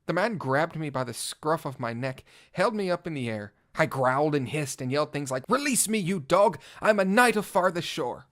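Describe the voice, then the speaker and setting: A man's voice: mid-range voice, normal speed, hardly any pauses, a bit bright, natural voice. A man voicing a vain, gallant male cat-knight bard in a fan audio drama, speaking in flowery, old-fashioned words and shifting from pompous to flustered. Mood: storytelling. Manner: theatrical, swinging from pompous to flustered. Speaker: narrator. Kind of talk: first-person fan audio drama reading.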